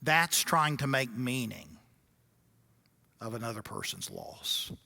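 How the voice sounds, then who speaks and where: Middle-aged male guest lecturer, bright voice, storytelling with dry humor. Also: mid-range voice, sing-song, slow pace, creaky. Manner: storytelling with wry asides. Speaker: guest speaker at a grief seminar. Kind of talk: seminar lecture.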